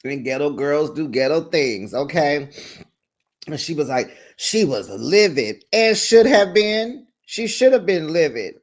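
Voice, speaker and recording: Male recap host, slightly high-pitched, sassy and animated, casual gossip delivery with mimicked quotes. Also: measured pace. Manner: laughs between remarks. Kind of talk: casual chatty recap commentary.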